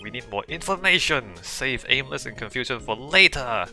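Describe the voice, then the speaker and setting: An excitable young woman sidekick, as a man reads her pushes eagerly ahead, every phrase an exclamation. The voice is gravelly, the pitch lively, and music runs behind it. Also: normal speed, heavily acted.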